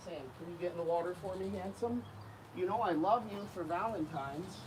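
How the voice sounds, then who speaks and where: A man's voice: high voice, fairly quick. A man hosting a casual vlog outdoors, coaxing and calling to alligators as he feeds them, in a windy spot. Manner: animated, calls animals in a coaxing voice. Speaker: alligator keeper and channel host. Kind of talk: casual vlog talk while feeding animals. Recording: noisy outdoor recording.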